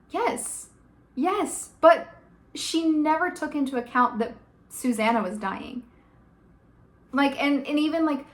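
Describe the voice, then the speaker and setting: A woman vlogger giving casual, opinionated commentary, ranting emphatically with lots of "like" and "okay?". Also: fairly high pitch. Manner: emphatic, rants with many "like" and "okay?". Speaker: vlogger reviewing a TV adaptation.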